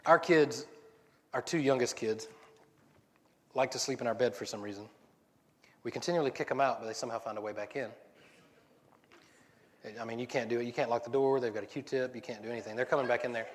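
A man's voice: mid-range voice, a little fast, long pauses. A man preaching a casual sermon, rambling and joking, often breaking off mid-sentence. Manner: rambling, self-interrupting, joking. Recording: long hall reverb.

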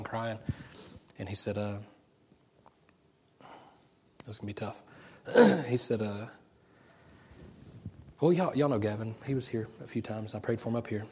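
A man's voice: on the low side, fairly even intonation, fairly quick, pauses often, darkish tone, a little hiss or hum. A middle-aged man preaching an informal sermon, telling personal stories in a rambling way with many restarts. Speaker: pastor.

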